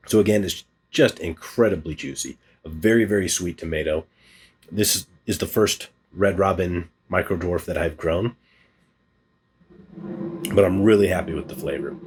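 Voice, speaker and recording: A man's voice: deep voice, a little hiss or hum. A man hosting a gardening channel, chatting upbeat and casual as he shows off his hydroponic harvest, with a joking, self-deprecating manner. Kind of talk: casual hands-on demonstration.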